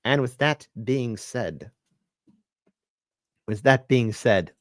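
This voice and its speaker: A man hosting his own commentary show, talking earnestly and often circling back to repeat a phrase for weight. His voice sits at a middling pitch, and the sound is dry and close, with no room around it. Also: lively intonation, slow pace, long pauses, dry recording. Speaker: host. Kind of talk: casual solo commentary.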